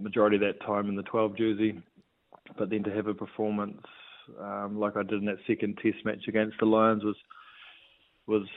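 This relaxed interview features a rugby player whose lowish voice comes through a tinny phone line without room sound. He often stumbles, saying um and starting over.

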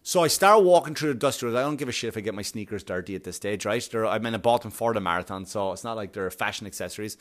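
A man telling a story in a casual monologue, animated and self-mocking, with a lot of swearing. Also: lowish voice, quick pace, few pauses.

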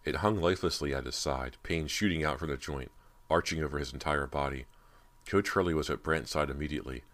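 A man reading a spooky teen novel aloud as an audiobook narrator, in steady, measured storytelling. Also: a bass voice. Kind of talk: scripted narration.

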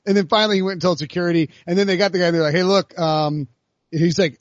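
A man hosting a casual sports podcast, talking in an animated way with lots of fillers and restarts. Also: sits high, fast, dry recording, muffled recording. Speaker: podcast host.

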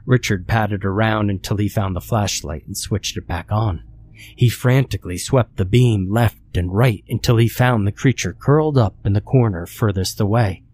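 A man narrating a horror story in a steady, measured storytelling manner. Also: on the low side.

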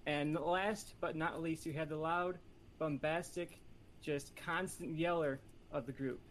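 A man pitching a movie idea on a casual podcast, playful and competitive, rambling through his ideas. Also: steady tone, unhurried, fairly bright tone, slight background noise. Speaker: podcast panelist. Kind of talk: casual chat.

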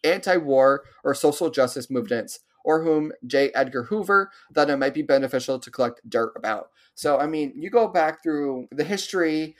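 Casual joking podcast co-host, mid pitch, storytelling. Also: moderate pace, hardly any pauses. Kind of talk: casual news chat.

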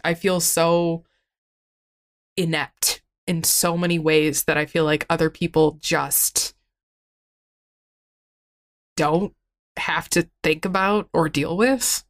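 A woman with a fairly low voice speaks in a raw, tearful, rambling way. She fills her talk with "like", swears freely and turns her words against herself. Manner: rambling, frequent "like", self-critical, swears often. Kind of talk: emotional candid conversation.

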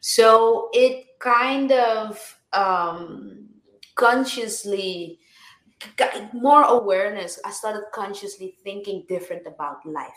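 A woman's voice: medium pitch, takes it slowly, a bit bright. Woman guest with a roomy echo. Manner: reflective, repeats words and restarts often. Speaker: singer-songwriter guest. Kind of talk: casual interview chat.

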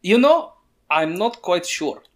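Easygoing superstitious male guide, put on by the game master, middle pitch, lots of movement in the voice. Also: sing-song, slow. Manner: easygoing, jokey. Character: superstitious male caravan guide, friendly and joking.

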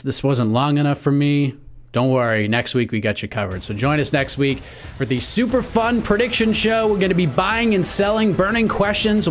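Upbeat man co-hosting a podcast. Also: fairly high pitch. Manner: upbeat, sign-off patter with fillers. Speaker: podcast co-host. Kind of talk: casual podcast chat.

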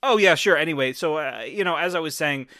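A man doing an eager young assistant who never stops talking, bright and a little sharp in tone, rambling and self-deprecating. The sound is close and dry, with no room around it. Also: a little high, fairly quick, no echo, voice pushed up. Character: rambling young male assistant, aspiring improv comic. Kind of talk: improvised comedy scene.

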